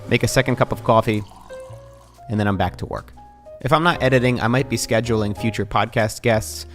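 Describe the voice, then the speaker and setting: A man in his thirties, from the American East Coast, narrating his vlog in a calm, measured and even-toned way. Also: lowish voice. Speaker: vlogger.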